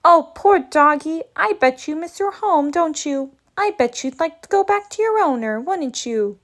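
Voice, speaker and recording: A woman's voice: high voice, big pitch swings, a little slow, fairly bright tone, voice pushed up, heavily acted. A woman doing a cooing little girl. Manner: cooing baby talk. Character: sugary little girl, smothering and sly. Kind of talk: storybook read-aloud.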